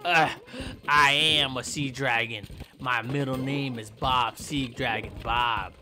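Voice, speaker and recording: A man giving loud, goofy commentary while he plays a video game, taunting and yelling at in-game animals. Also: mid-range voice, steady tone, takes it slowly. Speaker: gameplay commentator.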